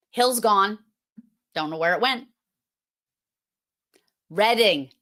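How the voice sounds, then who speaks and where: Slow-talking woman hosting a livestream. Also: mid-range voice, expressive, pushed and bright. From Massachusetts. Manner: playful, teasing, talks to the chat. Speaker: livestream host. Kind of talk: casual livestream chat.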